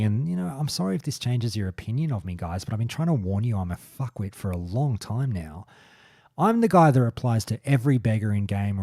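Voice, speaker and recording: A man's voice: medium pitch, mellow, no echo, studio quality. A man in his forties hosting a podcast, rambling through a casual monologue in a blunt, profane way. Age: 40s. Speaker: podcast host.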